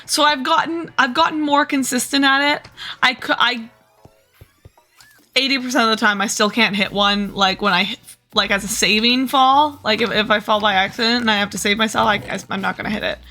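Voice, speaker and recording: A woman's voice: on the high side, steady tone, a little fast, pushed and bright, soft background music. A woman streamer chatting casually and playfully over her gameplay, teasing herself along the way. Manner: playful, chatty, self-mocking.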